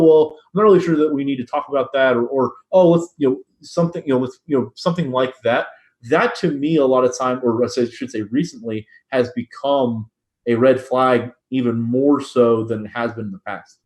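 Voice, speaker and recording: A middle-aged man co-hosting a business podcast, talking casually and correcting himself often as he works through his points. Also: medium pitch. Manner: rambling, self-correcting, many restarts. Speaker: podcast co-host.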